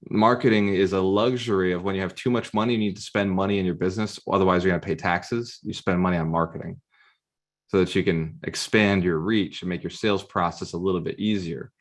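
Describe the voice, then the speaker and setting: Low-ish voiced guy mentoring on a video call, punchy motivational talk, keeps asking the crowd questions. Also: steady tone, brisk. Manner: punchy, rhetorical questions to the audience. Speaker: real estate mentor.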